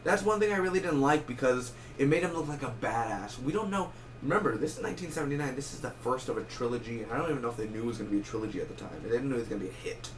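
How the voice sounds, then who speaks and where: A man's voice: medium pitch, a little hiss or hum. A young man giving a casual spoken movie review, rambling and correcting himself as he goes. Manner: rambling, self-correcting, animated with quick asides.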